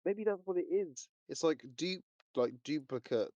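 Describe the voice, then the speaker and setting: A man's voice: fairly high pitch, expressive, normal speed, dark tone, no room sound, lo-fi sound. A man co-casting a game stream who jokes and banters playfully. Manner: joking, playful. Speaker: co-caster.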